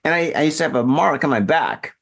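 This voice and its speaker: A man's voice: fairly high pitch, lively intonation, fast, gravelly. A man hosting a podcast, drunk and telling a rambling, profane story in casual chat. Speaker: podcast host. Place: in Japan.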